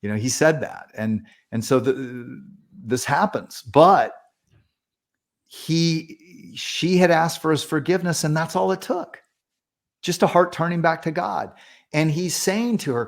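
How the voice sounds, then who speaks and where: A man's voice: on the high side, slow pace, creaky. Earnest man telling stories. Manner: earnest, animated retelling with quoted dialogue. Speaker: author and pastor, interview guest. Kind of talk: storytelling in a podcast interview.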